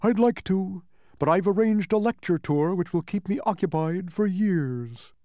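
A pompous old bug, as a male narrator puts him on for a storybook, gruff and blustering. The voice is pitched up and bounces about, recorded close and dry. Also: lively intonation, unhurried, dark tone, dry recording. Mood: blustery.

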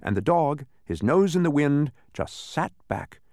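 A man reads a children's story aloud with a lively, swooping voice. His delivery is animated and expressive. It is recorded close and dry, with no room sound. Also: fairly high pitch, a little slow, no echo. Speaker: narrator. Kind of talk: audiobook narration.

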